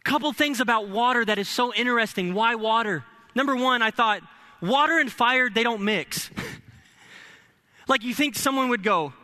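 A young man's voice, pitched unusually high and strikingly bright and sharp, preaching with energy. He mixes jokey asides into his sermon and climbs to shouted exhortation. An upbeat, forceful pulpit delivery. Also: normal speed. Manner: builds to shouting. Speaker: pastor.

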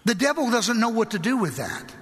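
A man preaches in a high, bright voice, pressing his points with fervent conviction and building toward loud exclamations. His words carry a long reverb, as if spoken in a large church hall. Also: sing-song, brisk. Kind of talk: sermon.

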